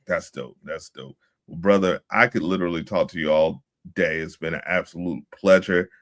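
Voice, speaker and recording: Deep-voiced upbeat male podcast host. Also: normal speed. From Virginia. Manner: upbeat hype, punchy catchphrases. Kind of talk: casual interview chat.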